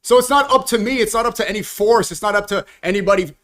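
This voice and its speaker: A young man speaks fast in a heated debate, his voice sitting a little high. He stays insistent and keeps steering the talk back to what he actually said. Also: fairly bright tone.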